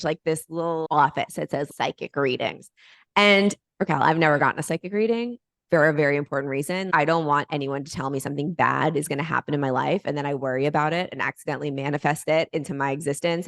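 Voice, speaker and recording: A woman guest on a podcast telling a personal story in a lively, animated way. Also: deep voice, no room sound, clean studio sound. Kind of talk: storytelling in conversation.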